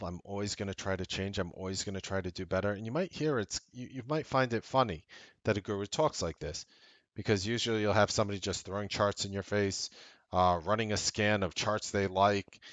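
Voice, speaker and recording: Chatty low-voiced man on a dry mic. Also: fairly bright tone, dry recording. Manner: chatty, self-deprecating, jokey asides. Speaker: trading show host. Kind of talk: casual live-stream talk.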